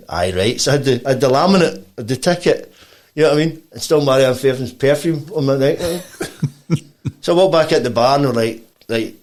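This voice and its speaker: A Scottish man, a bassist guesting on a podcast, tells a long, animated story full of quoted voices and laughter. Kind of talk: casual storytelling.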